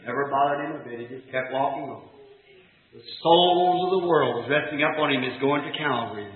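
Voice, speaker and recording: A man preaching a sermon, telling the story with fervor, shouting and chanting the parts. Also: a little high, a little fast. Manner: fervent storytelling, acting out scenes with shouts and chant. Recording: echoey, tinny old tape recording.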